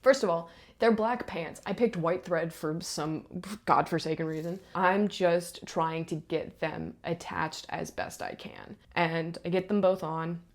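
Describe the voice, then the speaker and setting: A young woman, a stage manager, telling a backstage story in a chatty, animated way with lots of asides. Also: on the low side, a little slow. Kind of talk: casual storytelling to camera.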